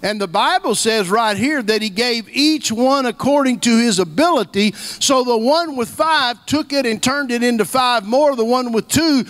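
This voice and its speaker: Male preacher, middle-aged, high-pitched, folksy storyteller who repeats for emphasis. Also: moderate pace, hardly any pauses, fairly bright tone. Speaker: guest preacher. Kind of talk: sermon.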